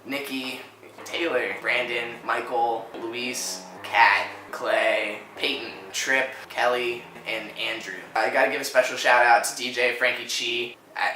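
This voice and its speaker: A man who created the show giving a sincere, halting thank-you speech with many pauses and fillers. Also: medium pitch, sharp tone. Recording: echoey room with faint noise.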